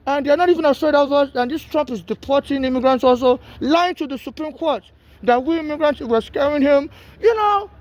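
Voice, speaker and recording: A man with a strikingly high-pitched voice, talking straight to camera. He rambles and pleads, circling back and repeating himself with urgency. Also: a little fast, dull audio. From Nigeria. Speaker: homeless man filming a plea. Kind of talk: urgent direct-to-camera plea.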